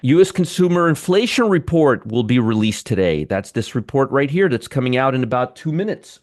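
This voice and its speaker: A man's voice: mid-range voice, very animated, a little fast, hardly any pauses, darkish tone, no echo, studio quality. A man hosting a live trading show, giving blunt, sarcastic market commentary and bantering with chat viewers. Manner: blunt, swears freely.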